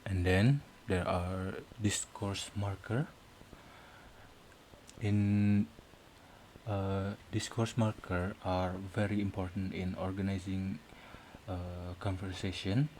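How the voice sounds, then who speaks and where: Guy presenting slowly, lots of uhs, dark mellow voice, faint room hum. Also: low-pitched, little pitch movement, poor audio. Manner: hesitant, many fillers and restarts. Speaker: student presenter. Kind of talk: academic presentation.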